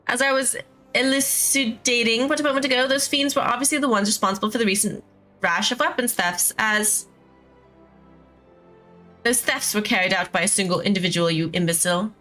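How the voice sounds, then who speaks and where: A woman voicing a pompous, long-winded male gentleman inspector in a video game. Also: on the high side, a little fast, faint music behind, poor audio.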